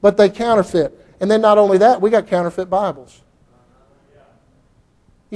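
A middle-aged man preaching in a church, his voice pitched high for a man. He talks in a folksy, rambling way, circling back on his phrases, then breaks into fervent, heated bursts. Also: fairly even intonation, moderate pace, long pauses, mellow. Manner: folksy, repetitive, rising to fervent outbursts. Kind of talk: sermon.

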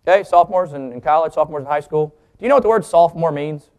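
A man delivers a sermon, trading jokes with the congregation and slowing down to stress key words as he teaches. His delivery is lively and playful, with pitch swinging up and down for emphasis.

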